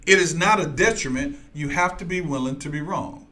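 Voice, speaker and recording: Emphatic man preaching, higher-pitched voice. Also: brisk, pushed and bright. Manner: emphatic, repetitive, talks straight to listeners. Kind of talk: preaching with storytelling.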